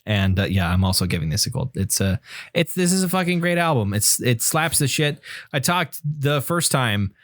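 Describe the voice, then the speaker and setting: A man's voice: mid-range voice, very animated, moderate pace, a bit bright. Man, podcast co-host, casual rambling chat, profane. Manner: rambling, profane, laughs easily.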